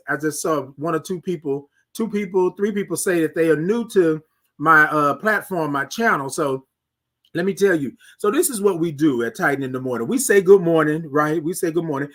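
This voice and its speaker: A man with a Texan accent hosting a live morning stream, chatting with viewers and singing out long, drawn-out greetings. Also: fairly high pitch. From Texas. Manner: animated, sings out drawn-out greetings. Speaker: host.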